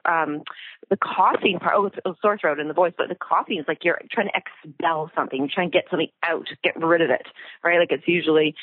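A woman co-hosting a casual talk show chats away in a husky voice on the low side, laughing often and acting out little voices. The audio is dry and sounds like a tinny phone line.

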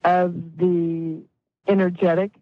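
A middle-aged or older woman, a guest healer, telling a story in an interview with animated delivery and acted-out quotes. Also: lowish voice, slow, dry recording, dull audio.

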